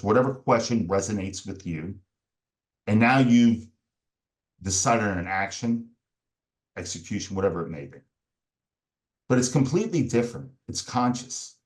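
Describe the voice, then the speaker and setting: A man, a performance coach, explaining a method step by step in a podcast interview and briefly acting out the voices of people in the story. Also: on the low side. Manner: explains step by step, acts out angry inner voices.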